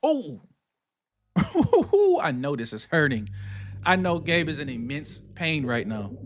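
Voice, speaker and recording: A man's voice: fairly high pitch, huge pitch swings, slow, a little hiss or hum. A man streaming a game, commenting in a hyped way and repeating himself as he plays. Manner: hyped, repetitive, talks to himself. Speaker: gaming streamer. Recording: clear game music behind. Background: game music.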